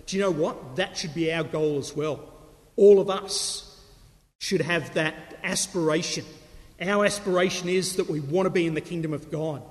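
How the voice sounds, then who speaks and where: A man's voice: fairly high pitch, moderate pace, big-room sound. A man preaching a sermon in a conversational, digressive style with emphatic turns.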